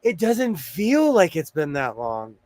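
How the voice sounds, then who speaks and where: A man's voice: a little high, very animated, slow. Chatty older man hosting a stream. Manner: chatty, warm sign-off, laughs easily. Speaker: host. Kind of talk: casual livestream chat.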